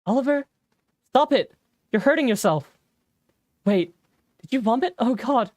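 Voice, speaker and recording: A man voicing a caring young man who pleads frantically, then soothes a friend softly, in a game. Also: mid-range voice, fairly even intonation, moderate pace, dry recording, natural voice. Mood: frantic.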